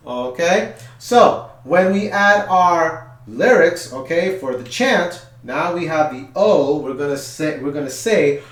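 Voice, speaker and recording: A man's voice: fairly high pitch, animated, unhurried, recorded from a distance, very noisy. A man teaching a music class for young children, counting in, chanting and coaxing the kids to join. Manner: upbeat, coaxing, counts in and chants call-and-response. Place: room with chalkboards. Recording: echoey room.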